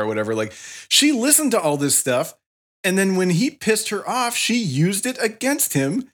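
A man's voice: high voice, big pitch swings, moderate pace, fairly bright tone. A man co-hosting a podcast, talking eagerly about songs and lyrics in casual chat. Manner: enthusiastic, analytical about music. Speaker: podcast co-host.

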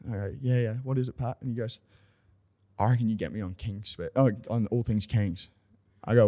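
An Australian man co-hosting a casual podcast, telling club stories with animated banter. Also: lowish voice, fairly quick, in a large hall. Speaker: podcast co-host. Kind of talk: casual chat.

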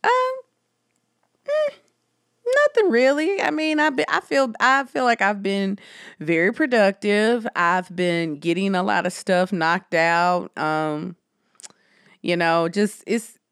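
Animated woman telling stories casually. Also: medium pitch, slow, clean tone, no room sound, clean studio sound. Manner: animated storyteller, addresses listeners as y'all. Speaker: podcast co-host. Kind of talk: casual chat.

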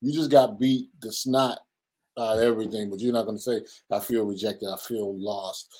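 A man's voice: on the low side, fairly even intonation, moderate pace, dark tone, rough recording. A man in his fifties, a pastor and men's ministry leader, talking earnestly in an interview and acting out the people he quotes. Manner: earnest, preacherly, acts out quoted voices. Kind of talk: conversational interview.

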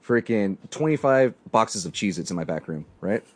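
A young man who is a guest on a podcast, talking casually and telling animated stories full of slang. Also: lowish voice, moderate pace.

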